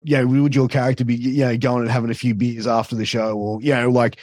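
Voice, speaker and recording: His mid-range voice is a little mellow with little pitch movement, recorded dry and at studio quality. He is an Australian wrestling commentator guesting on a podcast, chatting casually, telling stories quickly, swearing freely, and using plenty of fillers.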